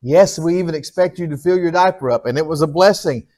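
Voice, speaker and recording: An older pastor preaching with earnest, folksy warmth and repeated refrains. His voice is notably high for a man. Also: fast talker. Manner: earnest, repetitive, folksy storytelling. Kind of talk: sermon.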